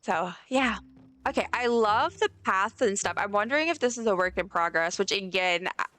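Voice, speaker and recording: A woman's voice: mid-range voice, lively intonation, normal speed, fairly bright tone, no echo. A woman livestreamer chatting casually and effusively while she plays, reading chat aloud. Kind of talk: casual live-stream chat while gaming. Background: faint game music.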